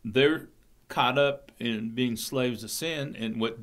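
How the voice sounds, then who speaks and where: A man explains Bible passages to a class, mixing read-aloud verses with his own commentary. His delivery is halting, with frequent repeated words as he gathers his thoughts. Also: medium pitch. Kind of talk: Bible study explanation with scripture reading.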